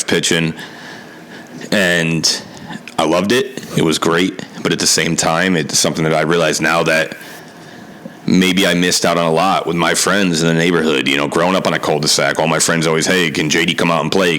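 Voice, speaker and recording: Low, bright-voiced man in his thirties. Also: low-quality recording. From Connecticut, USA. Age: 30s. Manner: candid and earnest, frank with mild swearing. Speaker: podcast host. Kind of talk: casual solo podcast monologue.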